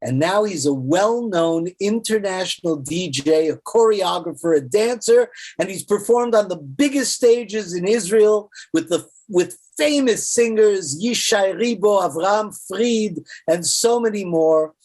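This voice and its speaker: A man's voice: high-pitched, lively intonation, measured pace, hardly any pauses, darkish tone. A man hosting an online interview, introducing his guest with lots of enthusiasm and cheering. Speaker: host.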